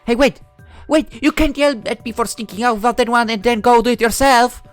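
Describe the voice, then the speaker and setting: A performer voicing an excitable, diminutive girl who keeps pitching strange homemade products, talking in quick pleading sales patter. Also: faint music behind, lightly acted. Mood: protesting. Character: small excitable girl peddling odd products.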